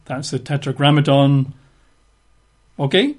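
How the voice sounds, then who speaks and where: A man with a mid-range, unhurried voice and a breathy edge conducts a methodical Bible study. He spells out words letter by letter, tosses out rhetorical questions, and makes emphatic asides.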